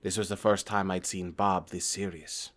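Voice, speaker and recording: Guy reading a creepypasta out loud, plain storytelling voice, trips on words sometimes. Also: deep voice, flat delivery, moderate pace. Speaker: creepypasta narrator. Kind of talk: reading a horror story aloud.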